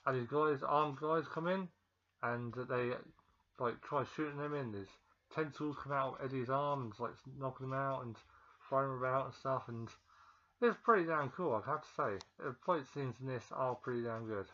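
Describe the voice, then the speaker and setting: A man's voice: medium pitch, normal speed, pushed and bright. Rambling man, dull lo-fi sound. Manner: rambling, with many ums and restarts. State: feeling ill, pausing to cough. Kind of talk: casual film recap.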